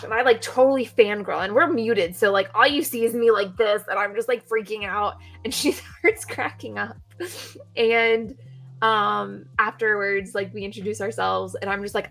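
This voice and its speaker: A woman's voice: mid-range voice, normal speed, vocal fry, a bit bright, faint music behind. A young woman, a streamer and cosplayer, chatting on a video call and telling rambling stories with lots of giggles. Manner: bubbly, giggly, rambling storyteller. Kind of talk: casual chat.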